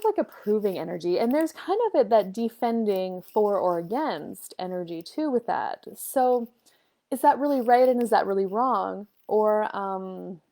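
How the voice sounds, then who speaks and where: Animated woman telling a parenting story. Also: medium pitch. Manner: animated storyteller, acts out dialogue. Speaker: host and life coach. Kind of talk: casual monologue on parenting.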